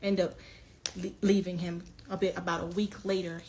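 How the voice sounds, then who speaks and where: A woman's voice: fairly low pitch, flat delivery, moderate pace, darkish tone, a little hiss or hum. A young woman speaking on a phone livestream, earnest and confrontational as she calls someone out and then pleads with them. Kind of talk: emotional livestream monologue.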